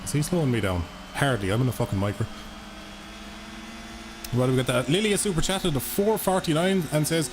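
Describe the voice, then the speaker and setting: A young Irish streamer with a voice on the high side talks fairly quickly but with long pauses, swearing casually to his viewers while playing a racing game live. The game's music and engine sounds play behind him.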